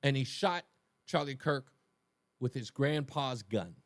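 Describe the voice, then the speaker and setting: A man's voice: medium pitch, takes it slowly, dry recording. A man hosting a talk radio show, delivering an emphatic monologue and speaking straight to his listeners. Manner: emphatic, animated, addresses listeners directly.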